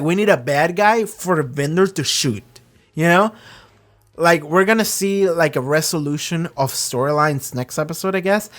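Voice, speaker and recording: Excitable, foul-mouthed TV show reviewer. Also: medium pitch. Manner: excitable and rambling, swears freely; acts out characters in quick voices. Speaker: reaction channel host. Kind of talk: casual review chat.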